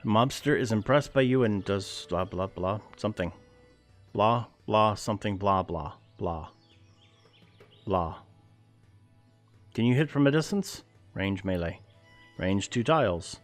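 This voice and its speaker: Low-voiced man reading game text aloud. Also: expressive, measured pace, pauses often, soft background music. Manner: easygoing, thinks aloud with fillers, jokey asides. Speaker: let's play gamer.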